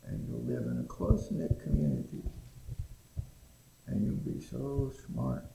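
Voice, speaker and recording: A man's voice: medium pitch, expressive, measured pace, vocal fry, reverberant, a little hiss or hum, low-quality recording. A man voicing a kindly, wise Creator spirit. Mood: reassuring. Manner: gentle, reassuring.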